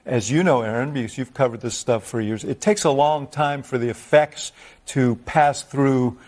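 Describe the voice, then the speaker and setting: A male commentator with a mid-range voice weighs his words deliberately and gives political analysis. He often restarts a phrase before finishing it. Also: mid-range voice, a little mellow.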